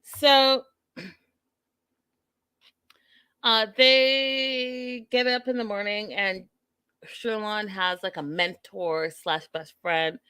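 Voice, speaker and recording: A woman's voice: mid-range voice, steady tone, very slow, pauses often, bright, forceful tone, smooth, dry recording. A woman hosting a show, giving a chatty, opinionated recap of a reality TV episode and greeting viewers from the live chat. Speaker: show host.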